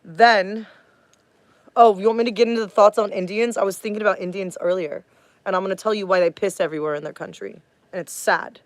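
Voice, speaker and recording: A woman's voice: medium pitch, fairly even intonation, fairly quick, no room sound. A woman from the United States ranting on a livestream in a profane, rambling way, losing her train of thought. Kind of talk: casual livestream rant.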